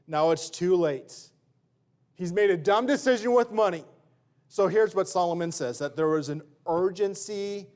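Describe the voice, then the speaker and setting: A male pastor preaching a sermon in church, conversational and full of everyday examples. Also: sits high.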